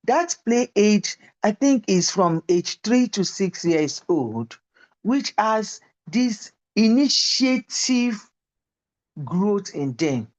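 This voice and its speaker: A woman's voice: mid-range voice, big pitch swings, very slow, dull audio. A woman lecturer giving a university lecture and teaching through personal stories.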